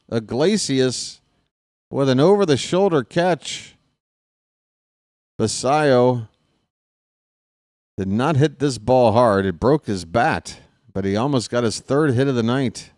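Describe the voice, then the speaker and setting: A man calling a baseball game on his own stream, chatting casually between pitches and cracking small jokes. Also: a little mellow, no room sound, studio quality. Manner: casual, self-deprecating, jokey between pitches. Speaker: fan play-by-play broadcaster. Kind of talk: solo baseball play-by-play with chatty asides.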